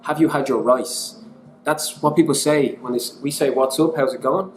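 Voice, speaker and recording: A man's voice: medium pitch, steady tone, normal speed, slight background noise. An Irish man giving a casual teaching talk, chatty and self-deprecating, mixing in bits of other languages. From Ireland. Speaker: online English teacher. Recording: echoey room.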